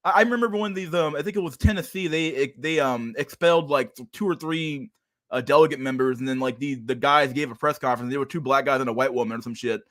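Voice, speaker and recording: A man's voice: mid-range voice, fast, fairly bright tone. A man hosting a casual reaction stream at a desk mic, swearing and laughing in disbelief. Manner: profane, laughing, incredulous. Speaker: streamer host. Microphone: desk microphone.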